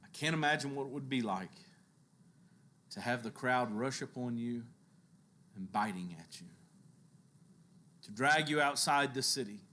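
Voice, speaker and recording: A man preaching a sermon who tells Bible stories with lively, acted-out quotes and occasional chuckles. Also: measured pace, pauses often. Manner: animated storytelling, acting out biblical quotes with shifts in pitch and loudness.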